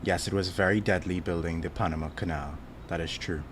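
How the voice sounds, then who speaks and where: A young Trinidadian man with a low voice chats casually on a livestream. He rambles, pokes fun at himself and chuckles often. A faint hum of room noise sits under his voice. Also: steady tone, brisk. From Trinidad and Tobago. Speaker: streamer. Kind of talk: casual chat stream.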